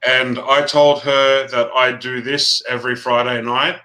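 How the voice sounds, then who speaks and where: A man telling a personal story in a casual chat, earnest and halting, often restarting his sentences. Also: mid-range voice, little pitch movement, pushed and bright, poor audio.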